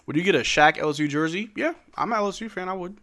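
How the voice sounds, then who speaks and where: A man's voice: sits high, fast, fairly bright tone. Laid-back man calling a game live. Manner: laid-back, slangy, reads chat questions aloud. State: drowsy, yawning. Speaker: live stream watch-along host. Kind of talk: casual play-by-play and chat reading.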